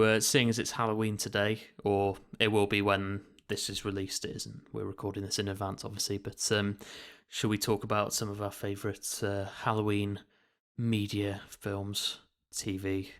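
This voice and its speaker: A man co-hosting a podcast in casual chat, pausing on fillers as he recommends shows. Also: fairly low pitch. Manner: flat, gravelly, with filler pauses. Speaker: podcast co-host.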